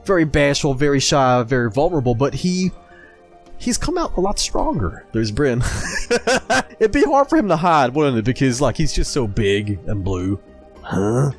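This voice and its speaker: A man hosting a video, chatting casually and gushing excitedly as he reads through comics, laughing often. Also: mid-range voice, normal speed, soft background music. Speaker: video host. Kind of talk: casual commentary while reading comics.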